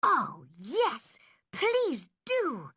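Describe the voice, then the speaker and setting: An excitable, tearful girl from a storybook, put on by a woman narrator. The voice sits high and breathless, with big leaps in pitch. It is recorded close and dry. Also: takes it slowly, dry recording, heavily acted. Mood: eager.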